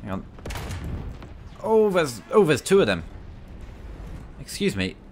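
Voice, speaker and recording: A man giving excitable, casual commentary over a tank game, bantering at enemies with mock outrage. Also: a little high, takes it slowly, a little hiss or hum. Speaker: gaming video creator.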